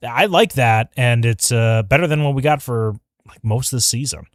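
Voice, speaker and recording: A man's voice: mid-range voice, normal speed, no echo. A man with a mid-range voice co-hosting a fan review livestream. His talk is loose and rambling, often broken up by laughs, and the sound is dry and close. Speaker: podcast co-host. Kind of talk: casual fan review chat. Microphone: livestream microphone.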